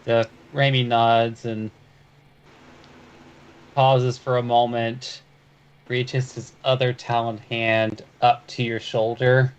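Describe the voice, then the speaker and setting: A man in a tabletop game describing what his character does, in an unhurried way. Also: mid-range voice, flat delivery, smooth. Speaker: player. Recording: dull lo-fi mic.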